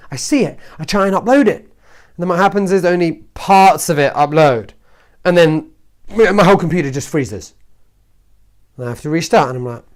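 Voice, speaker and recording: A man talking casually to camera as a self-help vlogger, telling a story and often checking in with "right?". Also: a little high. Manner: chatty, keeps asking "right?".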